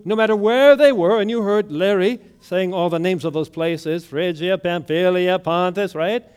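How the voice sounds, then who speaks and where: Slow-paced, higher-voiced male preacher. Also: clear, resonant tone. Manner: storytelling with dramatic loud quotes and sung hymn lines. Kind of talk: sermon.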